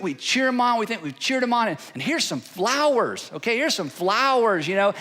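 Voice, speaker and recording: A man with a notably high voice preaches a sermon from the pulpit. He builds his points through repeated phrases that grow in insistence. His tone stays earnest and pleading throughout. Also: expressive, brisk, hardly any pauses, pushed and bright. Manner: repetitive, building cadence. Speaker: pastor.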